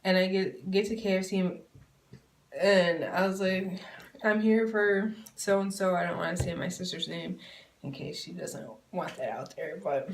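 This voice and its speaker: Low, flat-voiced woman telling a story. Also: recorded from a distance. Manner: rambling, heartfelt and candid. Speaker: vlogger. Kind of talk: personal storytelling vlog. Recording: roomy sound from away from the mic.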